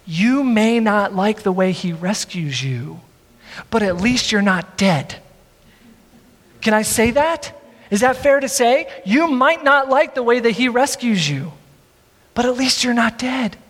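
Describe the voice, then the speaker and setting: A male pastor preaching a sermon with earnest, drawn-out emphasis and self-deprecating asides. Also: very high-pitched, expressive, fairly bright tone, big-room sound.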